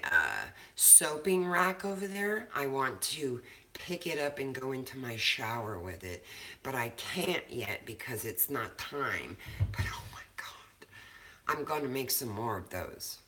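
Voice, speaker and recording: Chatty low-voiced woman, bright tone. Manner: chatty, swears casually, laughs often. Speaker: co-host of a cannabis show. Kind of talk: casual chat. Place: home kitchen.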